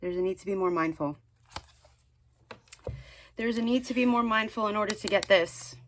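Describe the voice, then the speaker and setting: This tarot reader gives a relaxed spiritual reading, talking in a meandering way full of fillers and false starts while she earnestly prods the listener, half encouraging and half scolding. Her voice is mid-range at a normal speed, with slight background noise.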